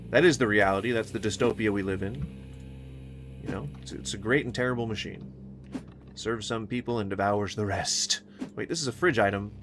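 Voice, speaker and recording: A man giving casual let's-play commentary, goofy and rambling, with sing-song wordplay and sudden mock yelling. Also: fairly low pitch. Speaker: gaming streamer.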